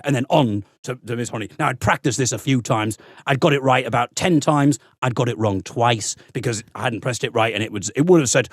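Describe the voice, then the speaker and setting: A man's voice: medium pitch, moderate pace, hardly any pauses, dry recording, clean studio sound. A man, a comedian guest, telling a childhood story in casual podcast chat and slipping into silly voices. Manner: animated storyteller who slips into silly voices.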